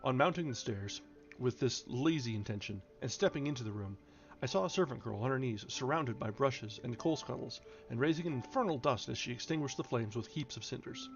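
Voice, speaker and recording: A man reading a classic novel aloud on a stream, at a measured pace with occasional stumbles and restarts. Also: mid-range voice, expressive, muffled recording, soft background music. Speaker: reader, streamer.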